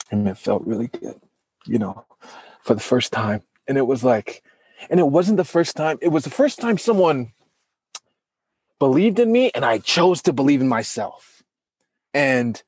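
A man's voice: slightly rough, no room sound. A man in casual chat, telling a personal story with feeling and acting out what people said. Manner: animated storytelling, acts out quotes with big pitch jumps.

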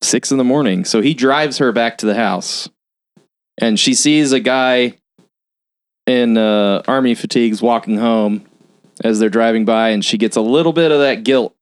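A man's voice: medium pitch, measured pace, smooth, dry recording, clean studio sound. A man with a mid-range voice walking through a movie plot for his co-hosts. He talks loosely and swears freely. He leans on lots of fillers as he goes. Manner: loose and profane, with many fillers. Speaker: film podcast panelist. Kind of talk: casual film recap.

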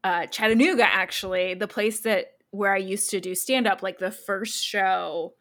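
A woman's voice: medium pitch, fairly even intonation, fairly bright tone. A woman co-hosting a podcast, a former stand-up comic who chats casually and laughs often. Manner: laughs often, quick reactions. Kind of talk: casual chat.

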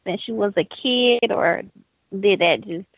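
A woman's voice: medium pitch, unhurried, gravelly, slightly rough, no room sound, dull audio. A woman co-hosting a radio talk show, teasing and playful. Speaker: radio co-host. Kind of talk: casual radio chat.

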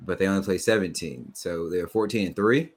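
A man's voice: deep voice, fairly quick, husky. A man co-hosting a podcast, chatting casually and playfully about football and calling his friend "brother.". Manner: animated, playful, says "my brother" and "brother". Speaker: podcast co-host. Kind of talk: casual sports chat.

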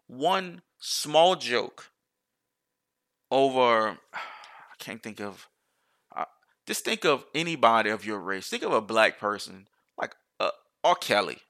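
Bright-voiced profane man rambling. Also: medium pitch, sing-song, slow pace, pauses often. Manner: rambling, profane, restarts often. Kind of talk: casual monologue.

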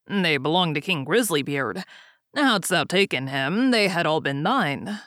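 Storybook figure: a stern male fiddler, low and slow, firmly scolding, voiced by a woman reader. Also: expressive, fairly bright tone, dry recording, clean studio sound. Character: gruff stern male fiddler, a disguised king.

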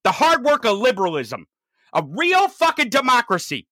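Super bright tense voice, swearing nonstop in an angry political rant, dry close sound. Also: huge pitch swings, moderate pace, dry recording. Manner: profane, furious, swings from low growls to shouts. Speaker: political commentator.

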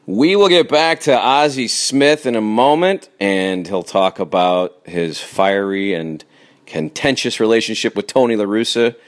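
A man's voice: fairly low pitch, lively intonation, unhurried. A man hosting an interview podcast, talking to listeners in a chatty, playful way. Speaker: podcast host. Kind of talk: casual interview.

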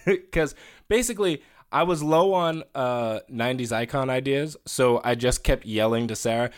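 A man's voice: medium pitch, moderate pace, clean tone. A man co-hosting a podcast in laid-back casual chat, joking and trailing off into mumbled asides. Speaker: podcast co-host.

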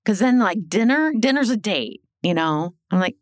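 Middle-aged woman, podcast guest, very low voice, blunt animated storytelling. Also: fairly quick, hardly any pauses, no room sound. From Illinois. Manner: animated, swearing, acts out quoted dialogue. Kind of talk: casual storytelling interview.

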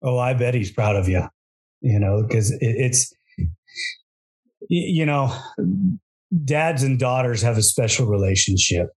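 A man's voice: medium pitch, animated, unhurried, pauses often, darkish tone. A middle-aged man interviewing a young racer in an easygoing, encouraging manner. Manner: easygoing, encouraging, with small restarts. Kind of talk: interview questions.

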